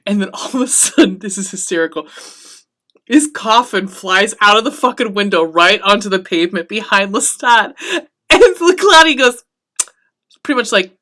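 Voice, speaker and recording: A woman's voice: mid-range voice, moderate pace. A woman hosting a podcast, recapping a TV episode in casual, profane chat and acting out the characters' lines. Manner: chatty and excitable, swearing often, acting out the characters' lines.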